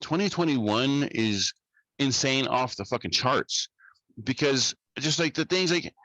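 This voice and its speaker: A man telling a story in a casual podcast chat, animated and swearing freely as he rants. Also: medium pitch, unhurried, no room sound, rough recording. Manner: animated, profane, ranting. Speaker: podcast co-host.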